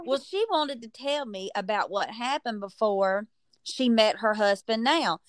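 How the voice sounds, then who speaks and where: Woman, podcast host, chatty storyteller, animated, slightly high voice. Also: no echo. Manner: animated, chatty, drawn-out emphasis. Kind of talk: casual storytelling chat.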